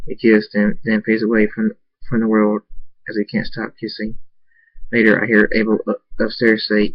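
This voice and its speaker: A man's voice: lowish voice, monotone, moderate pace, gravelly, slightly rough, dry recording, lo-fi sound. A man reading a fan story aloud, stumbling and restarting words often. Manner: hesitant reading with frequent restarts. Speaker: narrator.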